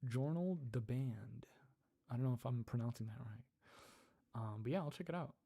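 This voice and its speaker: A man's voice: medium pitch, quick pace, mellow, breathy edge. A man casually chatting on a livestream, reading chat, laughing often and repeating words as he tries out pronunciations. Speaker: streamer reading live chat.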